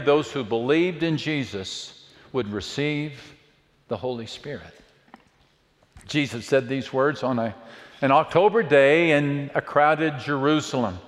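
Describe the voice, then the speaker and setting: A man preaching a sermon to a church, dramatic, swinging from hushed words to loud calls. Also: fairly high pitch. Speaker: pastor. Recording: long reverb of a church hall.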